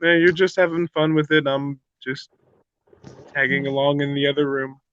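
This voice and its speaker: Teasing, bright-voiced man with loud laughs. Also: a little high, fairly even intonation, moderate pace, no echo. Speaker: host's partner. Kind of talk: casual live-stream chat. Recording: dull lo-fi stream audio.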